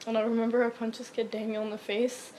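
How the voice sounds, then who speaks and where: A young woman chatting casually, telling animated childhood stories with lots of laughing and some swearing. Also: a little high, fast, a little hiss or hum. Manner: animated storytelling, laughing, acts out childhood quotes. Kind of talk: casual chat.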